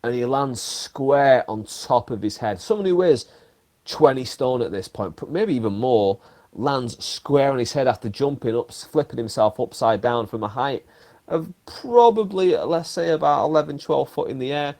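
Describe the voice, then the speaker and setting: A man hosting a podcast, telling stories in an animated, emphatic way and throwing in the odd swear word. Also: mid-range voice, moderate pace. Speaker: podcast host. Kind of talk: casual chat.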